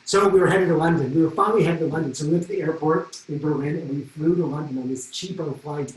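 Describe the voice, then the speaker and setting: A man's voice: fairly high pitch, quick pace, few pauses, a little mellow, far from the mic. A man tells a comic travel story on stage, gushing and full of chatty asides. His voice sits off mic, with a roomy echo. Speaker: solo performer.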